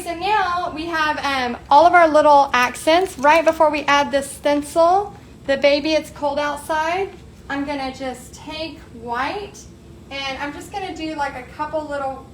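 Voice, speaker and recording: An upbeat woman with a high, bright voice chats her way through a live painting lesson. She sounds a little roomy, with an echo off the walls and a faint hiss of noise underneath. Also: unhurried. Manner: upbeat, chatty, talks to viewers as "y'all". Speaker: painting tutorial host. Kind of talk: live painting tutorial, chatty. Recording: echoey room, faint background noise.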